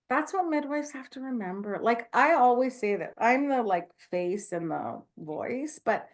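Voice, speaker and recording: Woman midwife, candid, passionate, filler-heavy, video-call talk. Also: a little high. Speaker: guest speaker, midwife. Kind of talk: online talk Q&A, casual.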